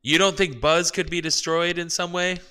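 Deadpan man with a bright, smooth voice. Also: fairly high pitch, moderate pace. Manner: dry, deadpan dark jokes. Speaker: podcast co-host. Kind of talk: casual chat.

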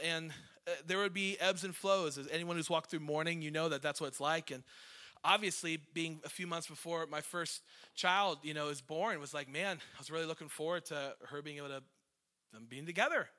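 A man's voice: on the high side, fairly quick, bright, forceful tone. A man in his thirties, a worship leader, preaching a conversational, emotional sermon with self-deprecating asides.

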